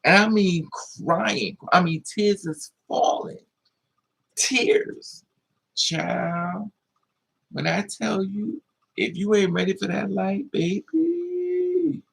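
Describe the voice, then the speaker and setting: A man telling a story in a casual monologue, animated and acting out voices with high-pitched squeals. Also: takes it slowly, gravelly, husky, poor audio. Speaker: live streamer.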